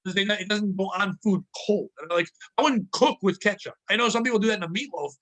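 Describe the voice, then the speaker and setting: A man rants through a comedic podcast chat, swearing freely and piling joke on joke. His voice sits high and rings bright and forceful. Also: quick pace. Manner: profane, animated, ranting. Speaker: podcast host.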